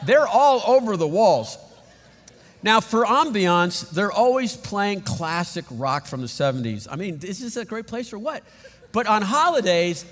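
A middle-aged man preaching a sermon as pastor, telling stories in an animated, emphatic way. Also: high-pitched, in a large hall.

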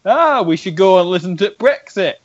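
A man's voice: sits high, animated, moderate pace, dry recording, dull audio, pitched above the performer's own voice. A man doing an impression of a blunt Northern English bloke, drawling with a broad Northern accent. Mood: mocking.

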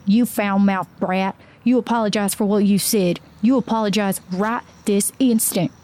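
A woman voicing an unhinged, balding middle-aged man with an explosive temper who screeches in a high, childish voice when he shouts. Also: fairly even intonation, normal speed, lightly acted. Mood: seething.

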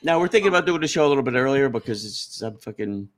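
A man, co-hosting a crude, rambling comedy podcast, swearing often and jumping from mumbles to shouts. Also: medium pitch, animated, racing. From New York. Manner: profane, rowdy, swings from mumbling to shouting. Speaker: podcast co-host.

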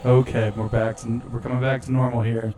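A man's voice: medium pitch, flat delivery, fairly quick, dark tone. A man co-hosting a brewery podcast, chatting casually and running through upcoming events.

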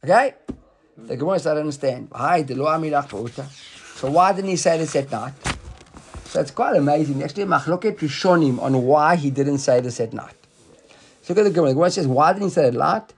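A Talmud teacher runs a study class, explaining the text step by step with animation, acting out the rabbis' words as he reads them, and quizzing a student along the way. His voice is slightly higher, fast, and slightly rough.

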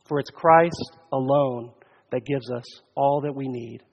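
A man, a pastor preaching a sermon, with earnest delivery that swells loud and then drops almost to a hush. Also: mid-range voice, measured pace, vocal fry. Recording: dull sound, long church reverb.

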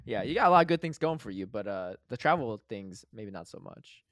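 A man's voice: fairly low pitch, very animated, a little fast, fairly bright tone, dry recording, clean studio sound. A man co-hosting a podcast, chatting casually and teasing his co-host with frequent laughs. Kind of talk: casual chat.

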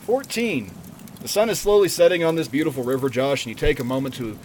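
A man's voice: medium pitch, lively intonation, fast talker, darkish tone, a little hiss or hum. Playful male game master. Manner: playful, swearing. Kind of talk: narrating a tabletop game.

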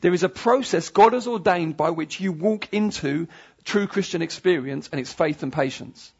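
A man's voice: on the high side, moderate pace, a little mellow, slightly rough. A man preaching a sermon, emphatic and pleading, repeating his phrases for weight. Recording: dull lo-fi sound.

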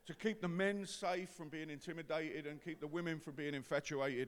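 A high-voiced man with an East London accent preaches his testimony from a pulpit, his words ringing in a long hall reverb. He drops to a low confiding murmur, then climbs into full-throated shouts. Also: steady tone, moderate pace, hardly any pauses. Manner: swings from quiet confiding to loud shouting. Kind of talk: testimony sermon.

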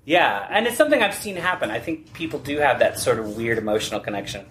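A man's voice: medium pitch, sing-song, quick pace, a bit bright, slight background noise. A man moderating a convention panel, talking earnestly and with animation, laughing easily.

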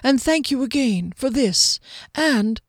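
A woman's voice: high voice, animated, slow, no room sound, clean studio sound, pitched above the performer's own voice, exaggerated voice. A woman voicing a reserved, secretive male swordsman who speaks formally and earnestly.

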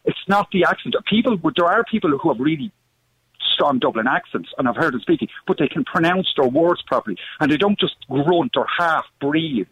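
A man originally from the Netherlands calling in to a radio show, blunt and opinionated, with a husky voice over a tinny phone line. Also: on the high side, lively intonation, a little fast, fairly bright tone. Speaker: caller. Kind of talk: phone-in call.

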